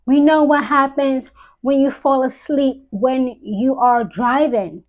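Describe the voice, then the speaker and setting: Woman host for a live stream: slow, measured, solemn; leans on repetition. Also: sits high, steady tone, darkish tone, rough recording. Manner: solemn, repeats key phrases for emphasis. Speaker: witch giving a live-stream talk.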